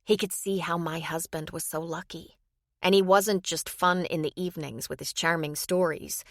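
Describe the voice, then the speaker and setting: A woman narrates a romance audiobook in a steady storytelling read. Her voice sits low, and the recording is dry, with no room sound. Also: normal speed, no room sound. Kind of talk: scripted narration.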